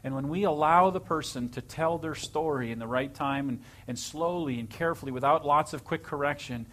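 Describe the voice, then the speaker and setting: Male panel counselor, earnest, reflective, mid-pitched. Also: a bit bright. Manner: earnest and reflective, repeats key words.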